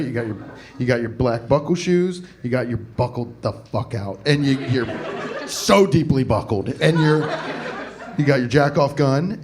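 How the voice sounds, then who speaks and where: A young man in his twenties doing rambling, absurd, self-deprecating stand-up on a comedy club stage. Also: medium pitch. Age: 20s. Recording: live club with audience laughter. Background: audience laughter.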